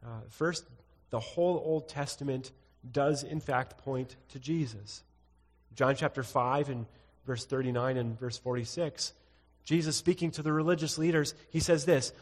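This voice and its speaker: A man's voice: medium pitch, a little slow, in a large hall. A man preaching a sermon, teaching through scripture and reading verses aloud with frequent "uh" fillers. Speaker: pastor.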